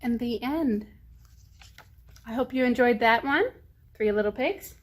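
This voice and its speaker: A woman's voice: a little high, a little slow. A woman leading a children's storytime, reading aloud and stressing letter sounds to teach phonics. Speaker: children's librarian.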